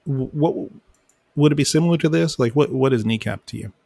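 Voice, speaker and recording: Husky, stammering man on a dry podcast mic. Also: mid-range voice, brisk, warm tone, no room sound. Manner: stammering, repeats words, self-deprecating. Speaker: podcast co-host. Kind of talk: casual chat.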